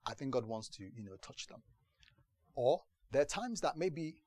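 This pastor's voice is medium-pitched and mellow with a breathy edge, swinging widely in pitch at a moderate pace. He shares life stories as sermon testimony, frequently asking whether listeners understand.

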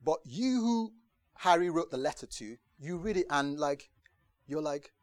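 A man preaching a conversational sermon to a congregation, lively and chatty, acting out the voices he quotes and often asking if they understand. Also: on the high side, fairly quick, no room sound. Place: church gathering in the UK.

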